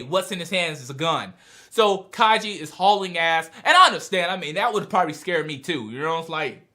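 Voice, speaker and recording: A man casually reviewing a manga chapter, animated and excitable as he retells scenes. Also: high voice. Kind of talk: casual video review chat.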